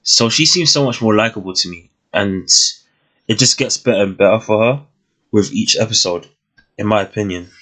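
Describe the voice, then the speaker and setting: Low-voiced man musing over a TV series. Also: normal speed, sharp tone. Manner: thoughtful, hesitant, many restarts and fillers. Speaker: TV reviewer. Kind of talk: casual spoken review.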